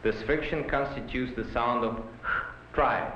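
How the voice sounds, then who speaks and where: A male language professor giving a patient, deliberate pronunciation lecture to a class. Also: mid-range voice, slight background noise. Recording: muffled roomy 1960s film soundtrack.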